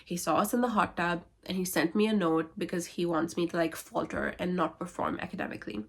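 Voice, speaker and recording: A woman voicing a driven, high-achieving teenage girl who sounds dismissive and self-assured, in a casual book-summary vlog. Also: brisk, husky.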